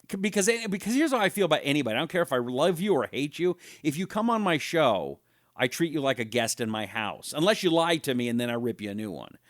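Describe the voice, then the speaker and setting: A man's voice: medium pitch, no room sound, studio quality. A middle-aged man hosting a live talk show, telling anecdotes in a chatty way and reading viewer comments aloud. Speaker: radio talk show host.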